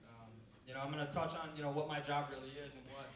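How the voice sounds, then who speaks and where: A man's voice: mid-range voice, fairly even intonation, quick pace, far from the mic, a little hiss or hum. A young man, a college baseball coach giving a speech to an audience. He tells stories in a loose, rambling way, full of fillers like "you know.". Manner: rambling, filler-heavy storytelling. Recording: roomy sound from off-mic.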